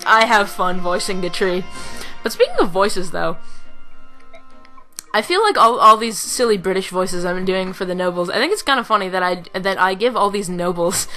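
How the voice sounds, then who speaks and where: A woman's voice: medium pitch, pushed and bright, low-quality recording. A young woman giving casual, chatty, self-mocking let's play commentary.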